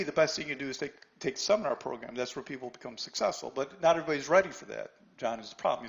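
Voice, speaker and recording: A man teaching a trading lesson to a live online class, blunt and challenging, often tagging "right?" and stammering on restarts. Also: fairly high pitch. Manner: talks straight to students by name, pushy and challenging. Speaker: trading instructor.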